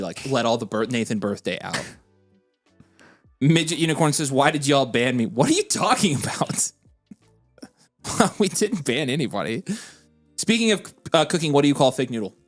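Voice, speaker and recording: An excitable man co-hosts a casual livestream, reading viewer comments aloud and venting freely. His voice swoops through a wide range of pitch, over faint background music. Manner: animated and excitable, quick to vent frustration. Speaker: co-host of a fantasy football livestream.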